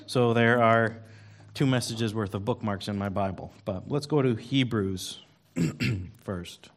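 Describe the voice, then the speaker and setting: A man's voice: on the low side, takes it slowly. A man giving a casual, rambling sermon in a church, self-deprecating and full of ums and uhs. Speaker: lay preacher at church service. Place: church sanctuary.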